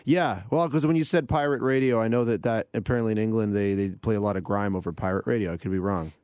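A man working as a radio producer, chatting casually on air in a quick, hesitant way. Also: on the low side, darkish tone, clear, resonant tone, dry recording, studio quality. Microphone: studio mic.

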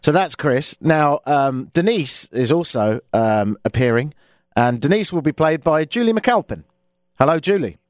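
A man's voice: fairly high pitch, animated, a little slow, dry recording, studio quality. A man hosting a comedic radio show, talking in a sarcastic, theatrical way. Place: Toronto, Canada.

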